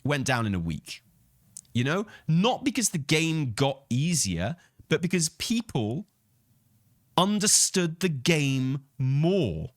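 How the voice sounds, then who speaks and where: A man's voice: a little high, sing-song, takes it slowly, no room sound, clean studio sound. A man hosting a casual gaming commentary, answering chat messages in a blunt, argumentative, sweary way and often laughing. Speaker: streamer and channel host.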